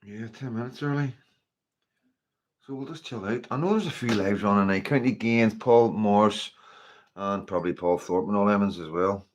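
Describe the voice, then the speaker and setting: Man, Northern Irish accent, somewhat low voice, casual livestream host, rambling chatty delivery. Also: moderate pace. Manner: chatty, rambling, with frequent fillers like "you know" and "like". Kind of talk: casual livestream chat, greeting viewers.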